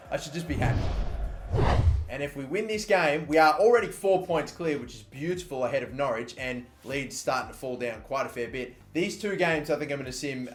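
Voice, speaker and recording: A young man giving casual commentary over a football video game, excitable and swearing when annoyed. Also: a little high. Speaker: gaming YouTuber. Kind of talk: gameplay commentary. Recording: echoey room with faint ambient noise.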